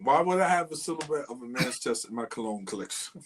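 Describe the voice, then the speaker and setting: A man's voice: medium pitch, expressive, fairly quick, noisy background. A man co-hosting a casual podcast who answers with dry, blunt, teasing comebacks. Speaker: podcast co-host. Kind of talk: casual chat.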